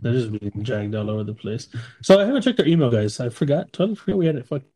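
A man's voice: mid-range voice, sing-song, fast talker, warm tone, faint music behind. A man co-hosting a casual podcast, joking loosely, laughing often and reading listener emails aloud. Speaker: podcast co-host. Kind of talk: casual chat.

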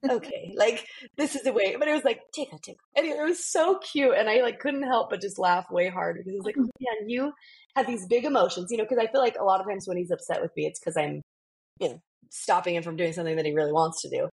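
A woman's voice: medium pitch, quick pace, a little mellow, slightly rough. A woman in her thirties co-hosting a parenting podcast, telling a story in a rambling, giggly way full of fillers. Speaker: podcast co-host. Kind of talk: casual parenting podcast chat.

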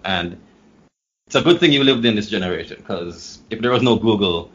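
A low-voiced man hosting a podcast in a relaxed, chatty way. He cuts in freely with remarks, and the sound is dull and lo-fi. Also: normal speed. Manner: easygoing, laughs and interjects. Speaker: podcast host. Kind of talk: casual podcast interview.

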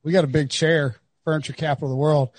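A man's voice: on the high side, steady tone, quick pace, breathy edge, dry recording. A man from North Carolina hosting a casual sports podcast, chatty and rambling with lots of restarts. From North Carolina, USA. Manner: chatty, rambling, self-deprecating, many restarts. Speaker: podcast host.

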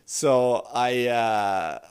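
A man's voice: mid-range voice, drawn-out words, clean tone. A middle-aged man doing a comic monologue, swearing a lot, ranting and laughing at his own jokes. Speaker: comedian. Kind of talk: stand-up style comic monologue.

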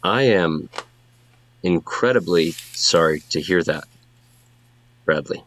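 Man playing a formal, measured old father. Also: low voice, animated, a bit bright, exaggerated voice. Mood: solemn. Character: formal older father, wealthy newspaper owner.

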